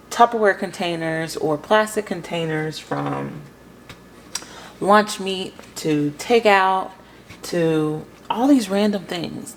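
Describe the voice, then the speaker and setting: A woman with a Southern US accent chatting casually to viewers while clearing out her kitchen, a little winded. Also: on the low side. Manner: chatty, talks to viewers as guys, sighs. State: a bit out of breath. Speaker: vlogger. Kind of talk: casual declutter vlog talk. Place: home kitchen. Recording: echoey kitchen, faint room noise.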